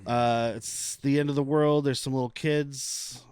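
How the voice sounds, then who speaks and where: A man's voice: medium pitch, fairly even intonation, unhurried, a little mellow, smooth, no room sound. A man hosting a casual film podcast, rambling through asides and laughing often. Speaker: podcast host.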